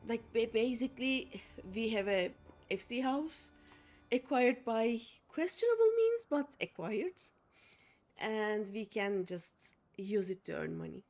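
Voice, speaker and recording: A woman's voice: a little high, very animated, unhurried, darkish tone. A young woman streaming a game, chatting casually to her viewers in a rambling way with many fillers and restarts. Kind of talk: casual chat while playing a game.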